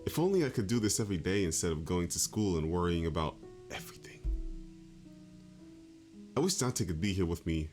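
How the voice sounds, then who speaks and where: Sad schoolgirl narrator, guy just reading it out, low and flat, game music under it. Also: brisk, long pauses. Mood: quiet, downcast. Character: gloomy teenage schoolgirl narrator.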